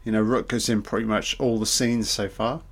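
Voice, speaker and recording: A man's voice: fairly low pitch, steady tone, brisk. Profane man commenting on a film. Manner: profane, joking, chatty. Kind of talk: casual audio commentary.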